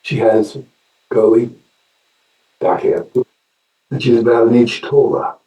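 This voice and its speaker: An older man with an Australian accent, a guest actor telling wry anecdotes in a casual interview, often halting and restarting. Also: mid-range voice, level tone, dark tone, reverberant, distant mic, rough recording.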